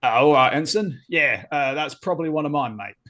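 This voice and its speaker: A man's voice: on the high side, normal speed, fairly bright tone, lightly acted. Shifty, defensive crewman in a shaky mock-Cockney voice, put on by a man. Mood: evasive. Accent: put-on Cockney drifting toward Australian. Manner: says "mate" constantly, dodgy and defensive. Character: shifty male starship crewman, evasive.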